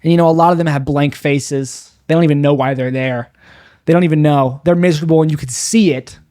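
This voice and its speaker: A young man with a slightly high voice rambles through a bitter, self-mocking stand-up monologue, stumbling and restarting his sentences. The recording is dry and close, with no room sound. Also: steady tone, brisk, warm tone, smooth, no echo. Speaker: stand-up comedian.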